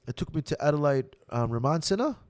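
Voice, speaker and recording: A man's voice: fairly high pitch, brisk. Swearing Australian man telling a jail story. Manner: swears heavily, animated slang-filled storytelling. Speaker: guest telling a prison story. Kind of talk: casual storytelling.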